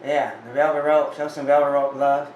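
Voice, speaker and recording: A man's voice: a little high, level tone, normal speed, lo-fi sound. A man telling a story in casual chat to camera, chatty and full of restarts as he talks about his records. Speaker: vinyl collector vlogger. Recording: roomy echo, a bit off-mic, faint room noise.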